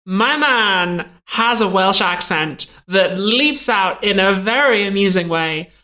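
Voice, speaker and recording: A woman co-hosting a podcast, chatting in a playful, teasing way with quick quips. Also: mid-range voice, expressive, pushed and bright, poor audio. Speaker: podcast co-host. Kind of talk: casual comedic chat.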